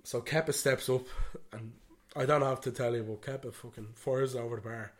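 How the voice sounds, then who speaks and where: A man's voice: medium pitch, fairly even intonation, normal speed. An Irish man co-hosting a podcast, rambling through a story in casual chat and swearing freely. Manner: rambling, swears freely, "you know what I mean". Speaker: podcast co-host.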